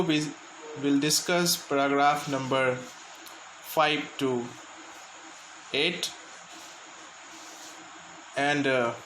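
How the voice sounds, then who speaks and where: A man with an Indian accent, a school teacher, explaining an English lesson slowly and stopping often to gloss words for his students. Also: medium pitch, fairly bright tone, echoey room, slight background noise, rough recording.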